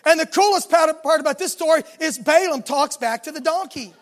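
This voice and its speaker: A man preaching a sermon, retelling a scripture story in lively, casual words and acting out the dialogue. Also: very high voice, fairly quick. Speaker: pastor.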